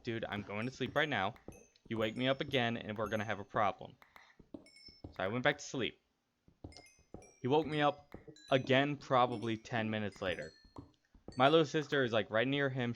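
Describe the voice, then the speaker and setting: A young man tells a casual personal story mid-game on stream, rambling openly and starting over many times. His voice sits at medium pitch with a slightly bright quality, and the audio is dull lo-fi with faint noise.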